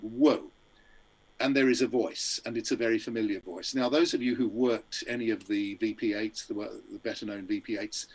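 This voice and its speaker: A man's voice: medium pitch, poor audio. Older man recounting a radio story. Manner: rambling anecdotal telling with hesitant fillers. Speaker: guest, radio amateur and journalist. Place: studio.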